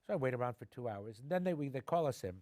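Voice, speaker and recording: A middle-aged man, an actor being interviewed, telling animated stories and acting out the people in them. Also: mid-range voice, rapid-fire, no room sound, studio quality. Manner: animated anecdotes, acting out quoted voices. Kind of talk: conversational storytelling. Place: television studio.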